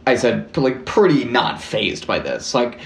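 A man's voice: mid-range voice, sing-song, a little slow, gravelly. A man talks through a true-crime story in a casual podcast chat. He rambles and jokes, cutting himself off and starting sentences over. His mid-range voice rings a little in an echoey room. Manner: rambling, self-interrupting, joking. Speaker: podcast host.

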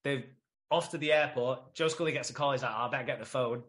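A man's voice: medium pitch, quick pace, fairly bright tone. A British man co-hosting a podcast, dryly recapping scenes in casual chat. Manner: dry recapping, retells scenes with quoted voices. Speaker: podcast co-host.

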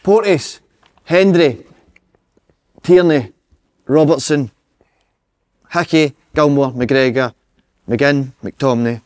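A man's voice: mid-range voice, slow, long pauses. A Scottish man co-hosting a casual football podcast, talking emphatically, swearing and repeating himself for stress. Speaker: podcast co-host.

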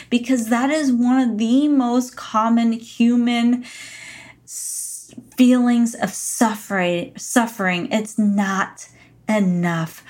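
Slow earnest lady coach, middle-aged, repeats her points, mid pitch. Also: darkish tone. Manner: slow, earnest, emphatic repetition. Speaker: podcast host and coach. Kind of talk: motivational talk.

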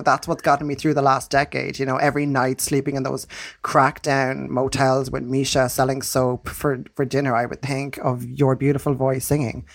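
A man co-hosting a comedy podcast in a camp character, talking in a quick, gushing way. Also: medium pitch, creaky. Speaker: co-host in a comic persona. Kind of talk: improvised comedy role-play.

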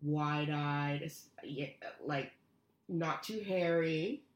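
A woman's voice: sits low, drawn-out words, reverberant. A woman co-hosting a podcast in casual chat, hesitant and full of fillers. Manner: hesitant, many fillers and restarts. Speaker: podcast co-host.

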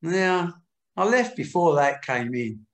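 As a guest in an interview, an older boxing promoter shares frank, earthy stories, performing the quoted lines. His voice is a little high and very animated, moving slowly in an echoey room.

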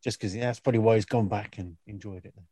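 A man's voice: on the low side, fairly even intonation, quick pace, mellow, slightly rough, no room sound. A man playing along in a casual quiz and thinking his answers through aloud. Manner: musing, easygoing, thinks aloud. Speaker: quiz contestant. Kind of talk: casual podcast quiz banter.

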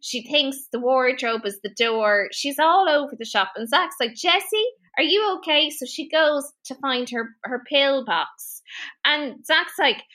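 A woman co-hosting a casual chat, retelling a TV scene and acting out the characters' lines. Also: measured pace. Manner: animated storyteller, acting out scenes in high squealing voices. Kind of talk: casual chat, recapping a TV episode.

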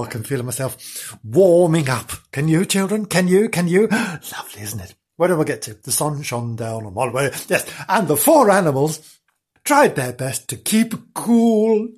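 A man narrates a parody children's story with a bouncy, sing-song delivery, swinging up and down in pitch. His voice is husky, and he keeps breaking off into rambling asides. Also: measured pace. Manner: over-excited, giggly, rambling. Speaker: storyteller host.

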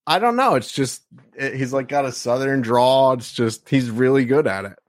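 A man's voice: mid-range voice, animated, normal speed, no room sound, studio quality. A man co-hosting a casual wrestling podcast, talking in a rambling way with many restarts. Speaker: podcast co-host.

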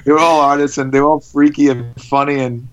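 A man telling stories in a casual interview, laughing often and animated. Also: a little high, brisk, dull audio, slight background noise. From United States. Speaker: interview guest.

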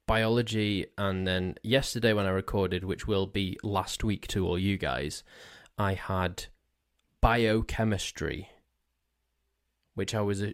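A man talks alone into a desk mic for his podcast, his voice sitting a touch low. He rambles along in a jokey, self-mocking way and keeps tripping over his own words. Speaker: podcast host. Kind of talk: casual solo podcast monologue. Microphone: desk mic on a stand.

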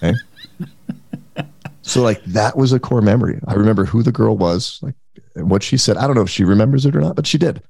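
A man with a very deep, gravelly voice tells his story as a podcast guest, lively and bouncing into other people's voices. The sound is close and dry, with no room around it. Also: fast, pauses often, no room sound. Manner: animated, acts out quoted voices. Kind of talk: casual storytelling.

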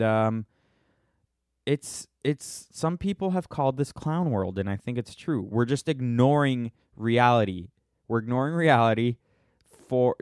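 A man's voice: medium pitch, a little mellow, dry recording. Guy in his 30s ranting on his own live podcast, sarcastic, keeps restarting, dry close sound. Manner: rambling, sarcastic, trailing restarts. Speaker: podcast host. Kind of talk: livestreamed monologue.

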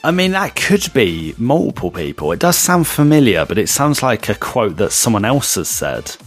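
A man's voice: mid-range voice, sing-song, moderate pace, soft background music. A man co-hosting a podcast, blunt and jokey, calling his friend mate. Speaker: podcast co-host. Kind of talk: casual podcast chat.

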